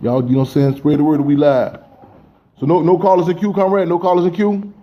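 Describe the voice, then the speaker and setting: A man's voice: on the high side, little pitch movement, fast talker, highs cut off. A man hosting a political talk radio show, speaking with passion and often saying "you know what I'm saying".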